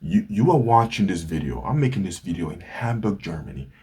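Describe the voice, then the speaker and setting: Low, husky-voiced man delivering an earnest reflective monologue to camera. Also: very animated, brisk, darkish tone. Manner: earnest, storytelling, rhetorical questions. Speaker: vlogger. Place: indoors, Hamburg.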